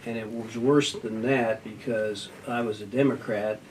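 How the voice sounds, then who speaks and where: An older man, a retiring judge, answering an interview question in a measured, thoughtful way, with frequent pauses and fillers. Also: on the low side, fairly even intonation. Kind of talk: news interview. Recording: distant mic with faint noise.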